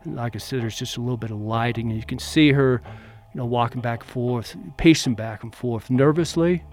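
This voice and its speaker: A man's voice: medium pitch, brisk. A middle-aged man casually telling a story from his own life, acting out the quoted lines as he goes. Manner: animated, acts out quotes. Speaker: interviewee, former bodyguard.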